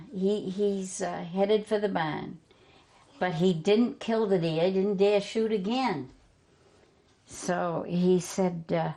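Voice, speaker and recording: Low and a bit mellow, this older woman's voice carries folksy family stories from Vermont. She's a storyteller guest who keeps chuckling through her own anecdotes.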